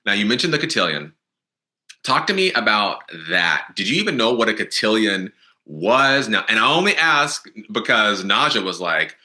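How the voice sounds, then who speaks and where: A man's voice: mid-range voice, very animated, normal speed, sharp tone. A man hosting a podcast, interviewing in a chatty, conversational way. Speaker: podcast host.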